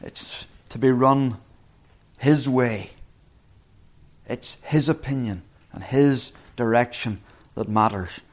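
A man preaching a sermon, earnest, slowing down and rising in pitch when quoting scripture. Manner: earnest, slows and rises on scripture quotes.

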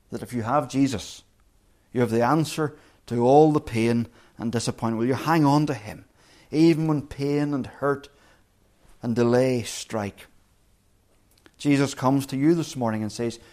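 A man preaching a sermon as pastor, earnest, dropping to hushed quotes and rising to emphatic peaks. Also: mid-range voice, a little slow, pauses often.

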